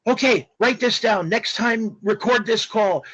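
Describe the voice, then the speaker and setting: A man voicing a hurried male French caller who barks rapid, clipped orders in a French accent. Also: high-pitched, a bit bright, breathy edge, muffled recording, pitched above the performer's own voice, heavily acted. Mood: brisk. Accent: French, put on.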